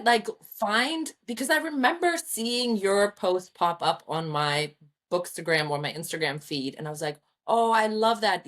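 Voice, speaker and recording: A woman author co-hosting a podcast, chatting casually in a rambling way with frank asides. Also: mid-range voice. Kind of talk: casual chat.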